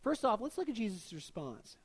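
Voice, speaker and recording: A man preaching a sermon in a conversational, joking way, reading scripture and slipping into quick voiced asides. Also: sits high, sing-song, breathy edge. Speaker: pastor.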